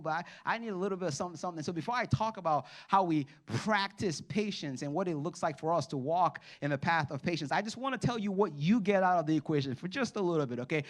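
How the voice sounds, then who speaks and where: A man preaching a sermon, animated, asking the congregation to respond and dropping to quiet asides. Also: a little high. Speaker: pastor.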